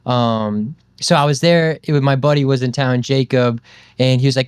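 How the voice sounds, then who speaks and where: Smooth-voiced young man, rambling. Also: mid-range voice, moderate pace, no echo, studio quality. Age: 20s. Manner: rambling, loose, lots of fillers and "dude". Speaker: podcast guest. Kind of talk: casual storytelling chat.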